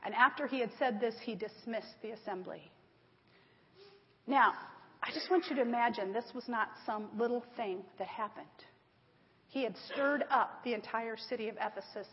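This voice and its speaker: A woman preaches to a congregation, reading scripture and retelling it with lively emphasis. Her voice sits high. The sound is dull and lo-fi, ringing in a large hall. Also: moderate pace. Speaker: Bible teacher. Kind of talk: sermon with slides.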